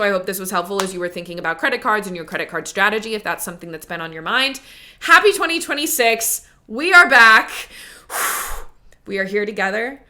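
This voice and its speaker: A woman's voice: mid-range voice, sharp tone. A woman hosting a solo money podcast, talking in a chatty, upbeat way with lots of "like" and "right?". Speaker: podcast host and money coach. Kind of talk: casual solo podcast talk.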